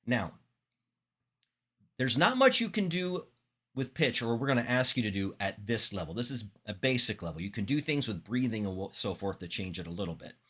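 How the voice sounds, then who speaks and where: A man teaching public speaking in an instructional talk, demonstrating vocal techniques with expressive examples. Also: lowish voice, moderate pace. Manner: demonstrates voices, animated and expressive.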